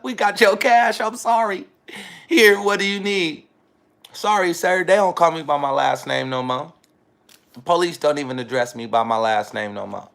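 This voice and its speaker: A man's voice: medium pitch, gravelly, fairly bright tone. A man talking casually to his viewers in a rambling, emphatic monologue, often repeating phrases for weight. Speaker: vlogger. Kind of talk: casual self-filmed monologue.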